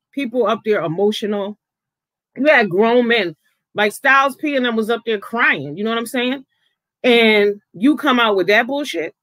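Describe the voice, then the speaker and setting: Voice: mid-range voice, fairly bright tone, no echo. A vlogger giving outspoken, casual commentary, swearing freely, with the voice jumping up when riled.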